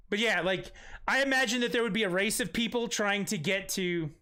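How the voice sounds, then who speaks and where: A man hosting a casual live stream in a high, bright voice. He rambles through the chat with profane, self-mocking asides, and his speech comes out smooth and clear. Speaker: stream host.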